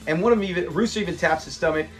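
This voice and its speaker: A man with a notably high voice retells a sitcom episode in a loose, chatty way. He laughs often and slips into quick imitations of the lines, with faint music playing behind him. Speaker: show reviewer. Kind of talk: casual episode recap.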